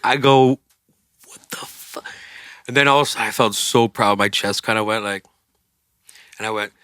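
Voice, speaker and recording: A man's voice: lowish voice, normal speed, fairly bright tone, clean tone, dry recording, studio quality. A man, a singer and interview guest, telling a story casually, acting out quoted voices and swearing freely.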